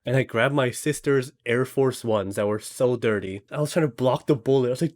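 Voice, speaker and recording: A man's voice: medium pitch, fast talker. A young man in casual chat, telling a dream with lots of fillers and acted quotes. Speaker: storyteller.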